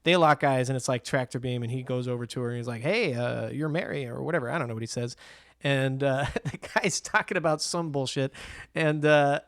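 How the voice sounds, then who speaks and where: A man's voice: mid-range voice, fairly quick, no room sound, clean studio sound. A man co-hosting a podcast, chatting casually and acting out movie scenes with lots of laughter. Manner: animated storyteller, acts out scenes, laughs often. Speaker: podcast co-host. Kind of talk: casual chat about movies.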